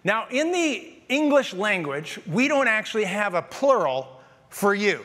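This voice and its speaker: A man with a high, light voice gives an animated, conversational sermon, joking and talking straight to his congregation. His voice rings through a church hall with a long tail of reverb. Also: unhurried. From Canada. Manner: animated, conversational preaching with jokes and asides to the congregation. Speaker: pastor. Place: church sanctuary.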